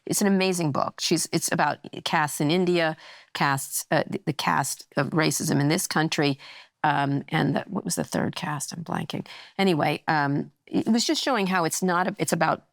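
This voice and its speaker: A woman's voice: low-pitched, moderate pace, creaky, dry recording, clean studio sound. A woman in her sixties telling a story in casual conversation as a podcast guest, blunt and a little profane, acting out the voices of the people she quotes. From United States. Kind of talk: casual chat.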